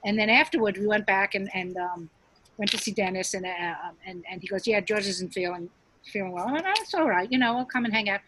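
A woman's voice: medium pitch, brisk, noisy background. A middle-aged woman, a stand-up comedian, telling stories in a casual interview, chatty, with many restarts and acted-out quotes.

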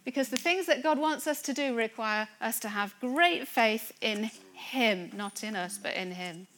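A woman preaching to her congregation with a slightly high voice. She speaks earnestly and swells into excited, fervent emphasis as she urges her listeners on. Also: measured pace, a little hiss or hum. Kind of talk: sermon. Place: church gathering room.

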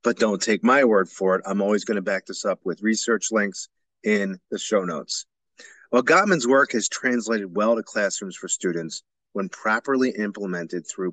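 A man's voice: fairly low pitch, fairly bright tone, dry recording. A man hosting a solo podcast for educators, explaining ideas in an earnest, emphatic way. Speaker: podcast host.

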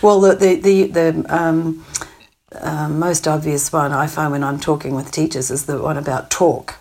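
A woman's voice: deep voice, steady tone, unhurried, darkish tone. A woman in her sixties with a New Zealand accent, a thoughtful, hesitant interview guest who laughs often. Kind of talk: casual conversation.

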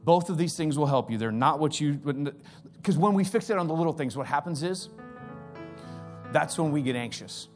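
A man in his forties preaching a sermon as pastor, energetic and acting out the voices he quotes. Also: a little high, moderate pace, faint music behind.

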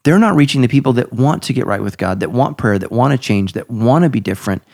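A man's voice: medium pitch, expressive, fast, gravelly, darkish tone. A middle-aged man, a pastor hosting a podcast, talking casually and emphatically, his voice jumping up to stress points.

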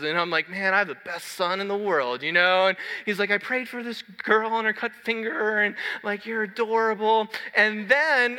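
A man in his thirties preaching a sermon in a large church hall, telling a story in a lively, conversational way. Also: high-pitched. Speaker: pastor. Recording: long hall reverb.

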